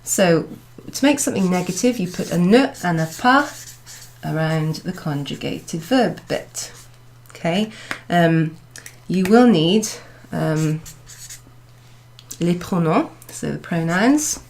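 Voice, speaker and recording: Slow, patient woman teaching French. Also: lowish voice, animated, a little mellow, a little hiss or hum. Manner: slow and patient, repeats phrases, frequent ums. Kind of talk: recorded class summary lesson. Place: classroom in a pub venue.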